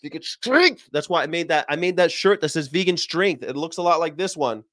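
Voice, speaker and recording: A man's voice: fairly high pitch, animated, brisk, a bit bright, no echo, clean studio sound. A man hosting a reaction video, brash and joking, swearing and repeating short slogans. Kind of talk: blunt reaction commentary.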